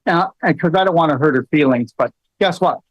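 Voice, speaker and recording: Middle-aged guy rambling thru stories, lotsa ums, kinda high voice, flat dead-dry lo-fi audio. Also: brisk, no room sound. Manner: storytelling, many fillers, rising into animated quoted lines. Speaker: host. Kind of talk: casual livestream talk. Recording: dull, dry lo-fi sound.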